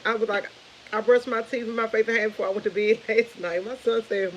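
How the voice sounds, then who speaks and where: A woman's voice: mid-range voice, moderate pace, pauses often, low-quality recording. Chatty rambling woman with a faint hiss. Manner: rambling, chatty, laughs often. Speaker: live stream host. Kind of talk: casual morning chat to viewers.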